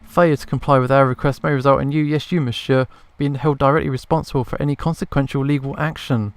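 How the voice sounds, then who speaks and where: A man's voice: medium pitch, fairly even intonation, quick pace, smooth, no room sound, close to an everyday voice. Man voicing a brash falcon lawyer. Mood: stern. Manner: bluffing, stern legalese. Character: confident falcon lawyer, male, brash and commanding. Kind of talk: reading game dialogue aloud.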